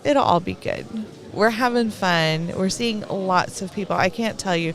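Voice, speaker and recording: A woman's voice: mid-range voice, a little slow, faint music behind. A middle-aged woman with a Texan accent giving rambling, talkative live commentary at an event, laughing between thoughts.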